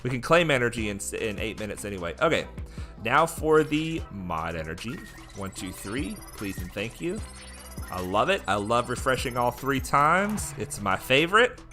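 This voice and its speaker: A man giving excited live commentary while playing a mobile game, chatting with his viewers as he goes. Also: mid-range voice, normal speed, soft background music.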